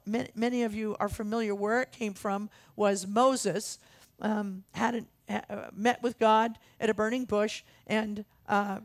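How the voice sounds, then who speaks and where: A woman's voice: medium pitch, dry recording. A woman minister preaching a sermon in an earnest, emphatic way, repeating her key phrases for weight. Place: church sanctuary.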